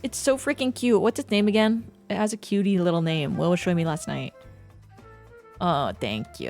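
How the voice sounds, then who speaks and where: A woman's voice: fairly low pitch, lively intonation, normal speed, soft background music. A woman hosting a livestream, chatting casually with viewers, swearing freely and fussing over her pet. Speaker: livestream host. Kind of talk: casual chat with stream viewers.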